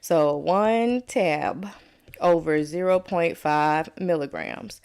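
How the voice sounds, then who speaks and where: A woman's voice: sits low, lively intonation, slow, darkish tone, clear, resonant tone. A woman with a Southern US accent, a nurse tutoring students live, chatty and prone to side tangents as she walks through each step. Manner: chatty, digressive, talks step by step. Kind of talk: live dosage calculation tutorial.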